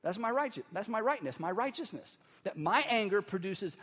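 A male pastor preaching a sermon in a conversational, animated way, with playful asides. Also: sits high, normal speed, hardly any pauses, long reverb tail.

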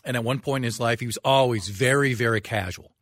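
A man's voice: mid-range voice, fast, fairly bright tone, dry recording. A middle-aged man hosting a radio show, chatting casually in a studio, easygoing and self-mocking, tossing out open questions.

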